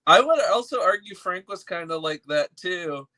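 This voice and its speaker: A man telling quick, joking stories in a casual memorial chat on a stream, talking into a close desk mic. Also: sits high, animated, sharp tone. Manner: joking, quick storytelling with bursts of impressions. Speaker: streamer co-host.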